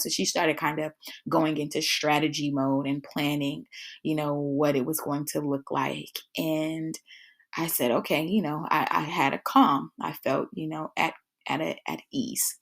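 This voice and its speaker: A woman's voice: deep voice, fairly even intonation, unhurried, creaky. A woman hosting her own podcast, telling her personal story in a casual, conversational way, calling her listeners y'all. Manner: conversational, addresses listeners as y'all, frequent fillers. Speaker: podcast host.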